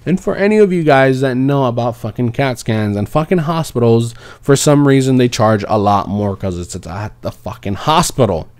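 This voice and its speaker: A man's voice: medium pitch, animated, normal speed, few pauses, a little mellow, smooth. Profane, rambling young man telling a story. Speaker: vlogger telling a personal story. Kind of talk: casual storytime monologue.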